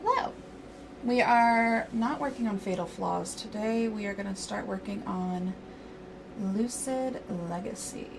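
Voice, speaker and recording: A woman hosting a game livestream, talking casually and playfully to her viewers. Her voice sits at a middle pitch. A steady background noise runs under the recording. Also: measured pace, creaky. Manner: chatty, playful, rambling. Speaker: game streamer.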